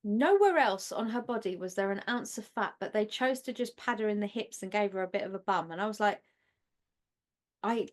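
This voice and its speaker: A woman on a casual film podcast, speaking at an everyday pitch. She tells stories with plenty of animation and slips into laughter easily. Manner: animated storyteller, quick to laugh. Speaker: podcast co-host.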